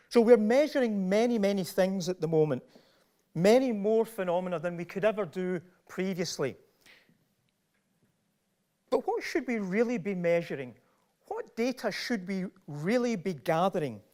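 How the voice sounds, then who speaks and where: A man's voice: high-pitched, a little mellow. A middle-aged man with a Glasgow Scottish accent giving a public lecture, emphatic and full of rhetorical questions. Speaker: professor giving a talk.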